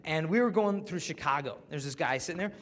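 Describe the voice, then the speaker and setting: A man giving a public talk to a live audience, telling stories in a lively way and acting out the people he quotes. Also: a little high, quick pace. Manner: lively storyteller who acts out the people he quotes. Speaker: speaker. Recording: long reverb of a large hall.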